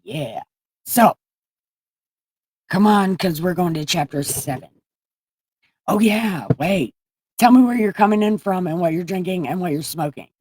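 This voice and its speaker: A woman with a somewhat low voice hosts a casual livestream from a room at home. She retells scripture with profanity and jokes, rambling as she goes. The sound is dry and close. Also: animated, a little slow, long pauses, a little mellow, husky, no room sound. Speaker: livestream host. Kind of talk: irreverent casual Bible retelling.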